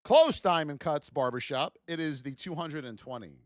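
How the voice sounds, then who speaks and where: A man with a high, animated voice hosts a live trading stream, swinging freely up and down as he talks. He is blunt and chatty, trading stories and speaking straight to his viewers. The sound is close and dry, with no room around it. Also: moderate pace, dry recording.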